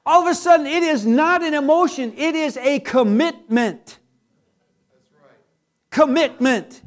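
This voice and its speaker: A middle-aged pastor preaches a sermon in a very high, unhurried voice. His style is conversational and joking, full of rhetorical questions.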